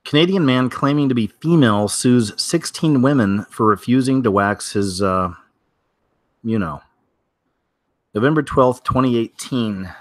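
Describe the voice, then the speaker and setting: A man's voice: mid-range voice, a little slow, no echo. A man hosting his show, giving casual, rambling commentary on video clips with many filler words. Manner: rambling, lots of "you know" fillers. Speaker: show host.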